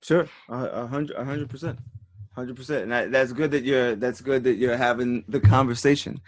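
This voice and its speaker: A man's voice: mid-range voice, steady tone, moderate pace, no echo. A man hosting a podcast who talks casually, often stumbling and repeating words as he searches for what to say. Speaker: podcast host.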